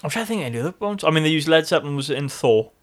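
A man co-hosting a podcast in casual chat, animated, swearing freely and acting out excited reactions. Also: fairly high pitch, very fast. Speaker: podcast co-host.

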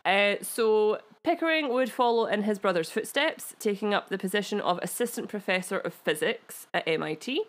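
A woman's voice: medium pitch, animated, normal speed, few pauses. Giggly Scottish woman telling history. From Scotland. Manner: chatty, giggly, self-deprecating asides. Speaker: podcast co-host. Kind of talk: casual chat, telling a history story.

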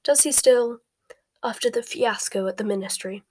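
A calm, cunning male wizard, as a woman whispers him. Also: medium pitch, no room sound, close to an everyday voice. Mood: cold. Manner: measured, smooth, softly whispered. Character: cold, smooth, calculating male dark wizard. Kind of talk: whispered storybook reading.

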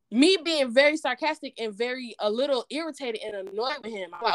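Animated woman telling a story. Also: on the high side, fast talker, hardly any pauses, no room sound, studio quality. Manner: animated storyteller, quotes others in dialogue. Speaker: podcast co-host. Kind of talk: casual chat, storytelling.

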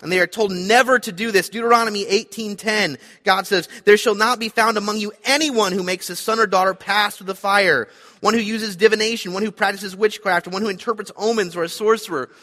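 A man's voice: sits high, fairly even intonation, brisk, sharp tone, long reverb tail. A man preaching a sermon, earnest and emphatic, repeating his key points. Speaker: pastor.

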